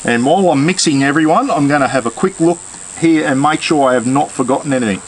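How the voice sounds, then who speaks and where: A man's voice: a little high, fast talker, slight background noise, rough recording. A man with an Australian accent hosting a casual cooking demonstration, chatting straight to his viewers as he cooks outdoors. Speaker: cooking channel host.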